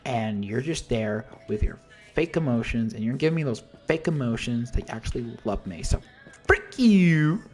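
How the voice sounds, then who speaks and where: A man's voice: mid-range voice, normal speed, darkish tone, faint music behind. A man casually explaining an album's story in a rambling, self-interrupting way, with mild slang. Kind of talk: casual commentary.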